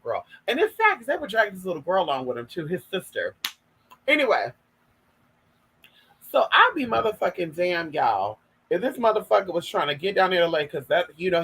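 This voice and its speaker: Sassy high-voiced man, lively and husky. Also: fairly quick, rough recording. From Northern California. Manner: sassy, profane, gossipy, addresses viewers as girl and y'all. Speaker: vlogger. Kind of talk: casual storytelling monologue.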